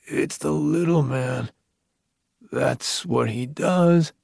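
A man voicing a sober, hurried male guide with a croaking voice. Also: fairly high pitch, darkish tone, no room sound, clean studio sound, pitched above the performer's own voice, full character voice. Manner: grave, then urgent.

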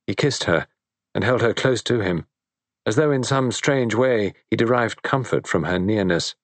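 A man narrating an audiobook in a measured, even storytelling manner. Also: sits low, dry recording.

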